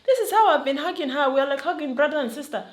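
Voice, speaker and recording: A woman's voice: sits high, animated, fast, pitched above the performer's own voice. A breezy young man brushes off every objection in a lifted, casual tone, as a woman puts him on. He sounds self-justifying and unbothered. There is a roomy echo around the voice. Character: defensive young man insisting he hugs everyone.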